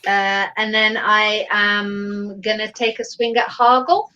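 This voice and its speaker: A woman's voice: mid-range voice, fairly even intonation, takes it slowly, bright, forceful tone, lo-fi sound. A woman playing a tabletop game over a video call, amused and thinking aloud as she plays. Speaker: player.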